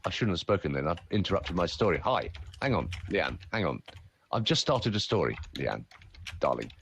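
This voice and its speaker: Playful, theatrical voice-over man, deep. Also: big pitch swings, moderate pace, vocal fry, a bit bright, a little hiss or hum. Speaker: voice-over artist and speaker. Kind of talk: podcast conversation.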